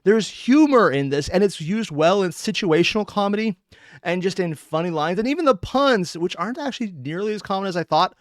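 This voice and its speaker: Dude reacting to a cartoon, kinda high voice, all over the place, laughs a lot. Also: male voice, fairly quick, no room sound, clean studio sound. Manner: animated, laughs often, excited. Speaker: reaction video host. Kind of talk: casual commentary while reacting to an animation.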